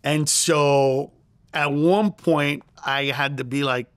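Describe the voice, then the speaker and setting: A man's voice: medium pitch, fairly even intonation, takes it slowly, a bit bright, no room sound. A middle-aged man, a comedian and interview guest, telling a story with lots of energy and acting out quoted lines in a raised voice. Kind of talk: animated storytelling.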